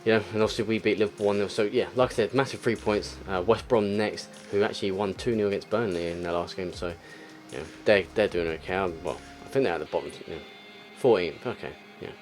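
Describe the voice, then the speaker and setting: A young man with a fairly low voice talks through his football video game match. He mutters, then breaks into exasperated outbursts. Soft game music plays faintly behind him. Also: quick pace, few pauses. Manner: frustrated, exclamatory, swings between muttering and outbursts. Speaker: gaming YouTuber. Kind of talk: live gameplay commentary.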